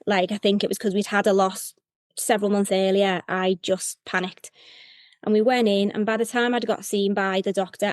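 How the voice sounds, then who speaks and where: A woman tells her own story as an interview guest. She talks candidly and emotionally, with many fillers and pauses. Her voice sits at a middle pitch and sounds dry and close, with no room echo. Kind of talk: personal storytelling.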